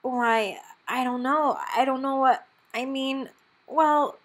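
A haughty stepmother stammers and fumbles for words in a storybook tale, voiced by a woman reading aloud. Her voice is a little high and raised. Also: fairly even intonation, slow. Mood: flustered. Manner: stammering, flustered.

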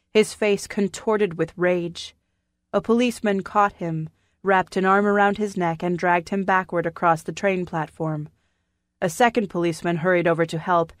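A woman reads an audiobook with measured, even storytelling. Her voice sits low, captured in a dry studio with no room sound. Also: dry recording. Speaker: audiobook narrator. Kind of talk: scripted narration. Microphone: studio microphone.

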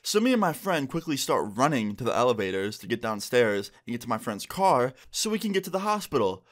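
A young man narrating a casual storytime for his channel. He talks in an animated, chatty way and leans on fillers. His voice sits at an ordinary middle pitch. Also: brisk. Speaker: vlogger.

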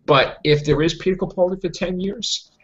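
A man's voice: high voice, normal speed, fairly bright tone. A man hosting a casual fan podcast, ranting and swearing with strong opinions. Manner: ranting, swears, mocks people in silly voices. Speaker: podcast host. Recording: dull lo-fi audio.

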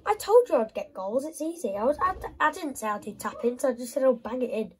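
A woman giving excitable commentary while playing a football video game, often shouting and squealing at the match. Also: on the high side, fairly quick, slight background noise, low-quality recording. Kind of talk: gaming commentary.

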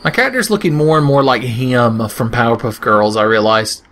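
A man's voice: mid-range voice, normal speed, a bit bright. A young man giving casual, joking gameplay commentary with crude humor, often slipping into silly voices. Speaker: let's play host.

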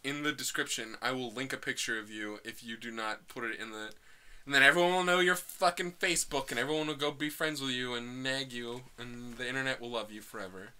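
A young man hosting a casual podcast chat, loud and full of laughter and swearing. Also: medium pitch, fairly even intonation, a little fast, clean tone. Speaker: podcast host.

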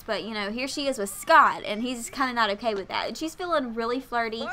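A woman's voice: a little high, fairly quick, hardly any pauses, sharp tone. A young woman doing casual gameplay commentary, chatty and gushing with lots of fillers. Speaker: let's play host.

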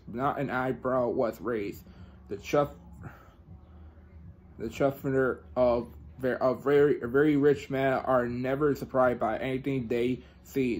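A man's voice: medium pitch, darkish tone, a little hiss or hum, low-quality recording. A man reading a children's book aloud, stumbling and restarting words as he goes. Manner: halting, with frequent restarts and self-corrections. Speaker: reader.

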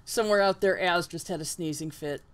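A woman hosting a let's play, commenting on a game in an excitable way, laughing often and swearing in surprise. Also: on the low side, fairly quick. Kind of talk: gameplay commentary.

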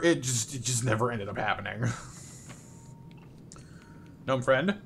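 A man's voice: mid-range voice, fairly bright tone, a little hiss or hum. A young man doing playful live gameplay commentary, chatting with viewers by name and coaxing game characters along. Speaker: streamer.

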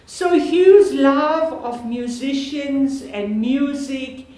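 A woman's voice: high voice, drawn-out words, warm tone. An older woman with a South African accent speaking on a university panel, chatty and joking, often laughing and restarting her sentences. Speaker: panel speaker, sister of the honoree. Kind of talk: informal public talk at a lecture panel. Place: university lecture hall. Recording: echoey hall with faint noise.

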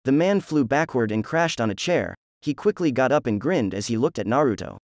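A man narrating a fan story in a plain, even scripted reading. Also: medium pitch, brisk, no echo, clean studio sound.

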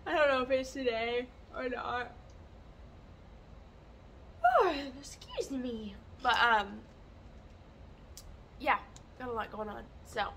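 A woman vlogging her day in a rambling, chatty, candid way, relaxed, with fillers and light laughs. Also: on the high side, takes it slowly, long pauses, slight background noise. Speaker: lifestyle vlogger. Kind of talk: chatty day-in-the-life vlog.

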